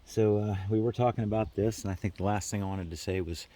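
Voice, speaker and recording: A middle-aged man casually reviewing gadgets in a rambling, relaxed way, with many fillers. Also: on the low side, quick pace. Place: indoors near a window.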